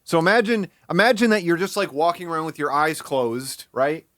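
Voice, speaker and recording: A man's voice: fairly high pitch, brisk, a bit bright, no echo, clean studio sound. A young man streaming live, talking casually and rambling, with many restarts and fillers.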